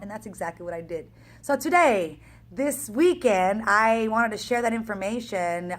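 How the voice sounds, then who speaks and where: An energetic woman fitness coach tells a motivational story in a casual, chatty way. Her voice sits at an ordinary middle pitch, and she acts out the exchanges as she talks. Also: moderate pace.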